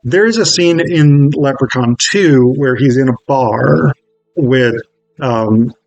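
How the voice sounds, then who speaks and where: A man's voice: mid-range voice, takes it slowly, vocal fry, a little mellow, no echo, muffled recording, faint music behind. A man reviewing a film in a casual, wry video essay, swearing freely as he talks.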